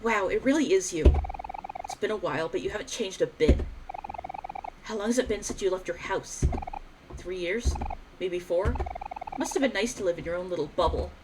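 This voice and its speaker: A woman's voice: mid-range voice, normal speed, long pauses, recorded from a distance, very noisy, close to an everyday voice. A woman voicing a bitter, sarcastic teenage girl in a game, speaking coldly over game music. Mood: mocking. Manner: cold, sarcastic.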